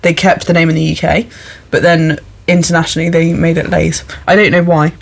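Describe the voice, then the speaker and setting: A woman hosting a podcast and running a casual quiz with a guest, chatty, upbeat and quick to laugh. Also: low-pitched, level tone, creaky. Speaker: podcast host.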